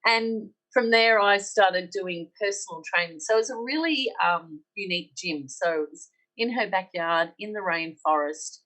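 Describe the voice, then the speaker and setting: A woman's voice: medium pitch, normal speed, fairly bright tone, poor audio. A middle-aged woman with an Australian accent, earnestly telling her personal story on a podcast and acting out the dialogue she quotes. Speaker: podcast guest.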